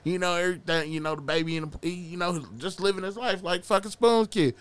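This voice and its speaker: A man's voice: sits high, steady tone, fairly quick, fairly bright tone, smooth. A man as a podcast guest, telling a story casually in loose slang with heavy swearing.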